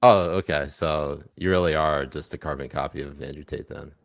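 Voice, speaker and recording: Low-voiced joking podcast host. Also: male voice, steady tone, moderate pace, creaky, dry recording, studio quality. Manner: joking, loose, many fillers. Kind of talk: casual comedic chat.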